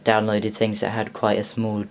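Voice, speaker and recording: Casual young man, low voice. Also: completely flat delivery, moderate pace. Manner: rambling, many ums and restarts. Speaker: video host reviewing a game store. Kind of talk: casual video walkthrough. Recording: dull lo-fi home recording with faint hiss.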